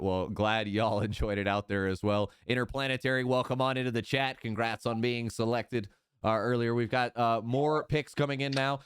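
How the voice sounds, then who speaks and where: A man hosting a live-streamed draft, announcing picks in a relaxed, upbeat way. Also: mid-range voice, clear, resonant tone, no room sound, clean studio sound. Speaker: draft host.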